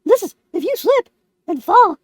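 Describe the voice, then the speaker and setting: A woman's voice: extremely high pitch, expressive, moderate pace, no echo, studio quality. A woman voicing a brash, foul-mouthed lemon puppet host, telling a boastful comic story.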